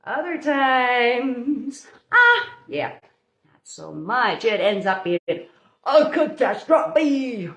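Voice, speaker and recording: Chatty mom in roomy kitchen. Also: female voice, fairly high pitch, sing-song, takes it slowly, sharp tone. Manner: chatty, motherly, talks straight to viewers. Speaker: host of a live baking stream. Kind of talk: casual live-stream pep talk. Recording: roomy echo.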